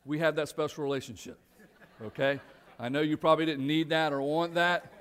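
A man's voice: on the high side, fairly even intonation, brisk, fairly bright tone, clear, resonant tone. A male pastor giving a conversational sermon in church, earnest and often repeating words as he restarts. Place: church sanctuary.

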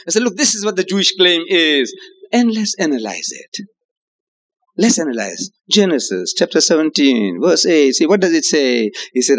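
A man from Africa, giving an emphatic public lecture with rhetorical questions, repeated phrases and chuckling asides. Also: fairly high pitch. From South Africa. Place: hotel lecture hall.

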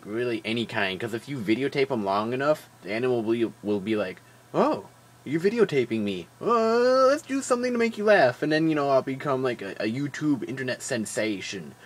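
A man rambles through his daily vlog, tired but jokey and animated. His voice sits at an ordinary middle pitch and is full of fillers and quick asides. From Wisconsin. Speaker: vlogger. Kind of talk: casual daily vlog chat.

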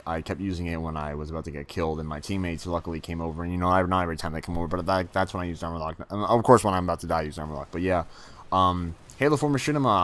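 A man giving casual, rambling game commentary, talking quickly and stumbling over his words. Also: deep voice, fairly bright tone. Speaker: gaming channel host.

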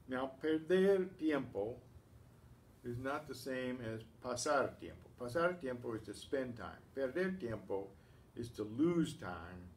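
A man teaching a class, speaking slowly and patiently and clearing his throat often. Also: medium pitch. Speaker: Spanish teacher. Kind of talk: class lesson.

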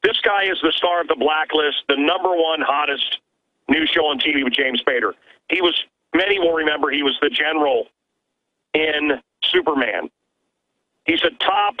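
An emphatic man speaks over a tinny phone line, his voice a little higher than most men's. He stumbles through repeated words as he pushes his point. The sound is dry and close, with no room around it. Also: no room sound. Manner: emphatic, stammering restarts. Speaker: radio host calling in as guest. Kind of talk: animated call-in conversation. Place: his own radio studio. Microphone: telephone line.

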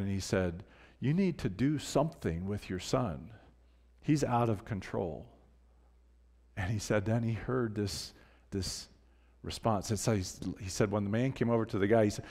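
Older male pastor preaching in a reverberant church. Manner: emphatic preaching, dropping soft and low for moving parts. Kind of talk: sermon. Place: church sanctuary. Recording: church livestream with long hall reverb.

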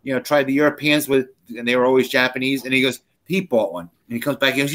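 A man's voice: mid-range voice, fast, fairly bright tone. A man co-hosting a casual podcast, telling rambling stories and acting out what others said. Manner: rambling storyteller, acts out quoted people. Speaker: podcast co-host.

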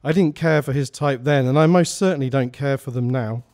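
A haughty middle-aged woman speaks with cold disdain, as a male reader voices her. Her lines come at an ordinary middle pitch. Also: a little fast, a little mellow, natural voice. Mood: scornful.

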